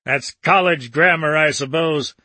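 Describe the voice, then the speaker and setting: A man's voice: fairly high pitch, a little slow, sharp tone, no echo. A man voicing an irritable, dyspeptic little older man who snaps out indignant questions.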